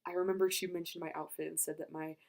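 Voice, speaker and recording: A young woman excitedly recounting a story in a vlog, rambling and gushing. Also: lowish voice, fast, creaky. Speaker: vlogger.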